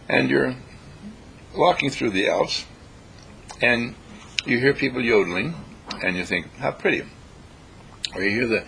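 A man gives a spiritual lecture with a lively, swinging pitch and acts out his examples along the way. His voice is gravelly and creaky, with a mid-range pitch. A faint hiss runs under the recording. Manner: animated, acts out examples and vocalizes chants.

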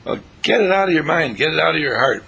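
A man's voice: fairly high pitch, lively intonation, fast talker, gravelly, sharp tone, slightly rough. A man hosting a spiritual radio segment, giving a rambling, repetitive inspirational talk in a theatrical way. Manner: repetitive, theatrical, breaks into song snatches.

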